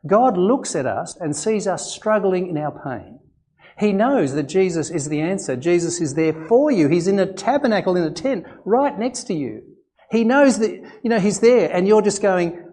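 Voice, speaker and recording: A male pastor with an Australian accent, preaching a sermon in a conversational way, full of rhetorical questions and animated emphasis. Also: sits high, moderate pace. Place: church.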